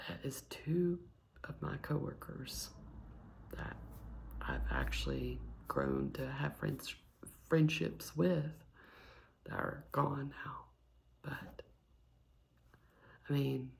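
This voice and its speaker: Young Southern woman, whispered ASMR chat, very deep fry-heavy tone, unhurried delivery. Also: expressive. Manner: soft whisper mixed with low voiced speech. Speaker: ASMR channel host.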